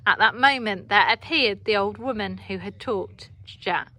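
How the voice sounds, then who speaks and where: An English woman teacher reading a children's storybook aloud with expressive, animated delivery. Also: mid-range voice, moderate pace.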